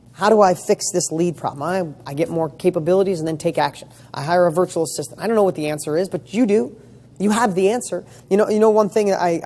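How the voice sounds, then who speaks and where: Rhetorical questions come thick and fast in this motivational talk, delivered casually and emphatically with the odd curse. The speaker's voice is a little high, with a darkish tone.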